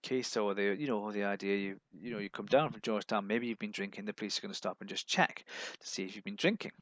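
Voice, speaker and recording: A man from England, performing a live-streamed stand-up set of deadpan one-liners. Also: lowish voice, fast talker, no echo. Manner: deadpan one-liners with put-on voices for others. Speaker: stand-up comedian.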